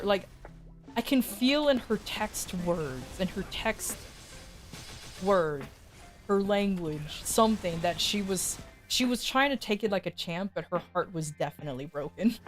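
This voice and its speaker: A woman streaming as a VTuber, telling a rambling, self-mocking story to her chat and jumping her pitch high when she quotes people. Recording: faint music behind.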